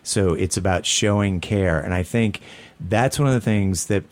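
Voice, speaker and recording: A man's voice: low voice, normal speed. A man co-hosting a talk show, speaking casually and earnestly, often rambling and restarting his sentences. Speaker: podcast co-host. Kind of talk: casual conversation.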